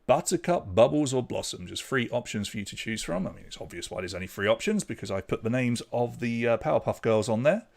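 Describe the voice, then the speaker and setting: A man's voice: mid-range voice, lively intonation, fast talker, gravelly, few pauses, darkish tone. A man hosting an online pub quiz, reading out questions and scores with chatty, jokey asides. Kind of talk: live quiz hosting, casual chat.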